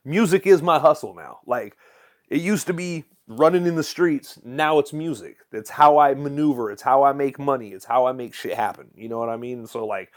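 A man, a musician talking casually in an interview, swearing freely and telling stories with animated swings. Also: mid-range voice, moderate pace. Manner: profane, animated storytelling with frequent "you know what I'm saying". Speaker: musician guest.

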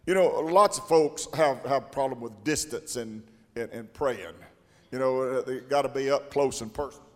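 A man preaching a storytelling sermon, animated and repeating his words, often rising into loud shouted quotes. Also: medium pitch, moderate pace. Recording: long hall reverb.

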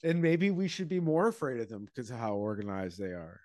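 A man in casual podcast chat, rambling and wry, often laughing and trailing off quietly. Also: mid-range voice, fairly quick, dry recording.

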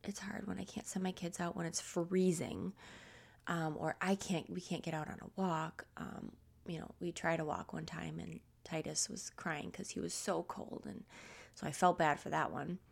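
A woman's voice: on the low side, steady tone, normal speed, vocal fry, slightly rough. A woman hosting a podcast in a casual, rambling chat, with a scratchy throat, many fillers and frequent laughs. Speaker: podcast host.

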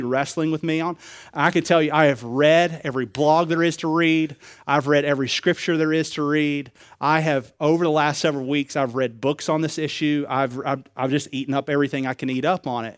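A man preaching a sermon, confessional and personal, acting out conversations, swinging between loud excited bursts and quiet low remarks. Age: adult, married with young children. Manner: acts out dialogue in quoted voices. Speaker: pastor.

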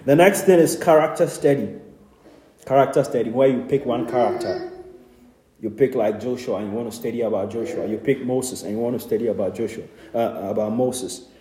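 A pastor leading a Bible study, his voice dark and mellow. He teaches earnestly, dotting his points with amens and short laughs. The room around him is echoey. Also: mid-range voice.

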